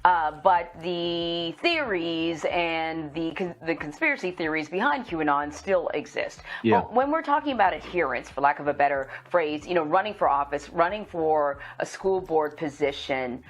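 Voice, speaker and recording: Measured woman asking interview questions. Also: deep voice, lively intonation. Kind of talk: television interview.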